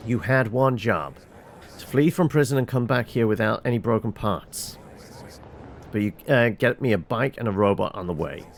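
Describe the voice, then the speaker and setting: A man's voice: lowish voice, normal speed, vocal fry, slight background noise. A man reading a game's dialogue aloud for every character, with fillers and small restarts. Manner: reads all characters, stumbling with fillers. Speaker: game reviewer reading dialogue.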